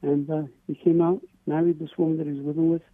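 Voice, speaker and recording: A man calling in to a radio show and telling a personal story in an earnest, halting way, often repeating words. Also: fairly high pitch, level tone, no echo. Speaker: caller. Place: on a phone call to a radio show. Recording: tinny phone line.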